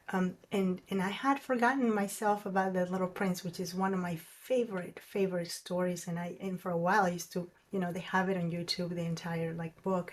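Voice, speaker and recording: A woman teaching a meditation class, who talks in a soft, musing way and often drops to a near whisper. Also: lowish voice, slight background noise. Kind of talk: reflective class talk.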